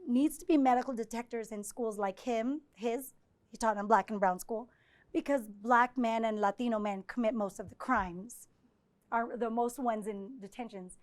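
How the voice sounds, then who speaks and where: A woman with a high voice giving a live lecture. She talks in a conversational, animated way and keeps checking in with her listeners. She takes their questions as she goes. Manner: conversational, often checks in with 'right?'; animated, acts out quoted exchanges. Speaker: visiting professor giving a presentation.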